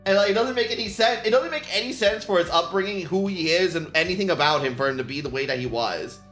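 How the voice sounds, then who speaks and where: A man's voice: sits high, quick pace, fairly bright tone, echoey room, faint music behind. A man streaming casually, rambling and swearing with frequent laughter. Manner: rambling, profane, laughs often. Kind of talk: casual chat while painting.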